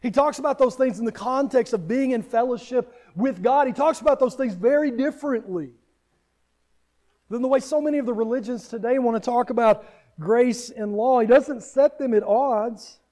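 A Southern American man preaching with an earnest, explaining manner. His voice sits high for a man yet sounds dark and mellow. He often doubles a word at the start of a phrase as he works through his point. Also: normal speed. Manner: earnest, repeats words when starting a thought. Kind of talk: sermon.

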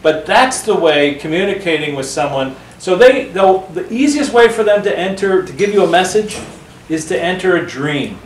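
A man, an author speaking to a book club, telling earnest stories with animated delivery and acting out the voices he quotes. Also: high voice, normal speed, slight background noise. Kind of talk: storytelling talk to a small audience. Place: book club meeting room. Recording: roomy, distant mic.

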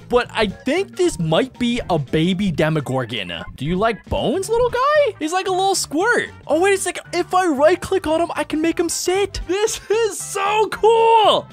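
A man commenting on a game with big, excitable reactions, his pitch leaping up and down as he panics and chatters. He talks to his audience and coos at in-game creatures. Soft music plays faintly behind him. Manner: dramatic, panicky reactions with repeated cries. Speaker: gaming YouTuber.

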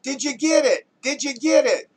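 A man voicing an excitable film director who booms out grand commands on set. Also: slow, vocal fry, husky, exaggerated voice, poor audio. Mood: excited. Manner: booming commands.

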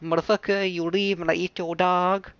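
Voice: medium pitch, little pitch movement, moderate pace, fairly bright tone, clean tone, natural voice. A friend on voice chat putting on a crude, exaggerated fake accent as a cursing restaurant owner caricature. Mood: hostile. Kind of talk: voice-chat prank banter.

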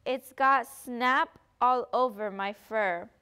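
A woman voicing a lazy bear who brushes off requests, speaking louder, in a read-aloud storybook. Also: a little high, takes it slowly, clear, resonant tone, full character voice. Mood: dismissive.

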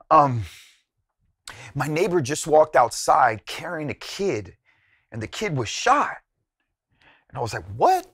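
A man tells a personal story in relaxed, slangy talk full of fillers, lifting his voice when he replays what people said. His voice sits a little high for a man. The sound is dry and close, with no room echo. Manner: casual, many fillers and slang, retells dialogue with rising pitch. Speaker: youth minister and show host.

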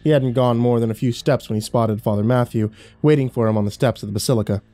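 Deep mellow guy narrating a creepy story, slow and dramatic, soft music behind. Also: steady tone. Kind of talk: scripted horror narration.

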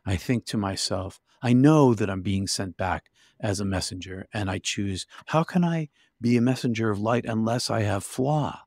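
Low-voiced man telling an intense story. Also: moderate pace, darkish tone, dry recording, studio quality. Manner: vivid, intense storytelling with restarts. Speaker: guest. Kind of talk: personal storytelling.

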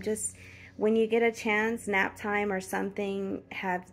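A woman talks slowly and warmly about things she is grateful for, in a casual vlog style. Her voice has a gravelly, creaky edge, and she sounds tired and emotional. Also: medium pitch, slight background noise. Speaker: vlogger.

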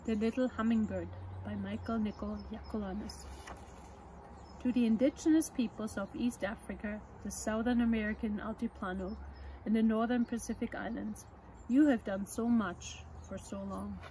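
A woman presenting children's books, reading a picture book aloud at story time in a gentle, measured way. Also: medium pitch, fairly even intonation, slight background noise, poor audio.

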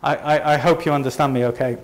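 A man's voice: fairly high pitch, fairly even intonation, quick pace. A man from Leeds with a Northern English accent, giving a conversational, self-deprecating presentation to a live audience. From north of England. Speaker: company presenter.

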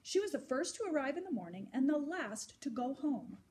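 A woman reading a children's story aloud, gentle and expressive. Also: sits high, a little fast, slight background noise.

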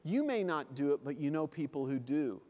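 A man's voice: fairly high pitch, very animated, normal speed, warm tone. A man giving a comic motivational conference talk, acting out little scenes with funny voices. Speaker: keynote speaker. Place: convention hall. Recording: live hall reverb.

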